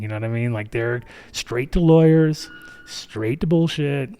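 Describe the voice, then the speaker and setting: A man's voice: medium pitch, a little slow, mellow, clear, resonant tone. A man in his fifties, a podcast guest, telling a story in casual, profane speech and acting out other people's lines.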